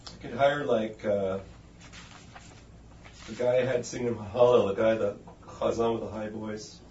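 A man's voice: lowish voice, steady tone, unhurried, a little mellow. A man in a casual chat, telling stories and making dry quips. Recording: roomy muffled recording with faint hiss.

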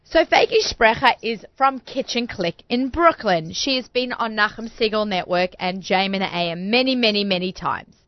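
A woman's voice: mid-range voice, lively intonation, moderate pace, hardly any pauses, no echo, lo-fi sound. A woman hosting a studio talk show, chatty and bubbly, often talking over her guests. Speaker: host.

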